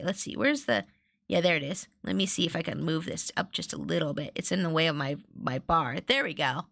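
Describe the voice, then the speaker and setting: A woman streaming a farming game, chatting casually and getting excitable and squealy over every find. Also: lowish voice. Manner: bubbly, excitable, squeals at finds. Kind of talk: casual gameplay stream chat.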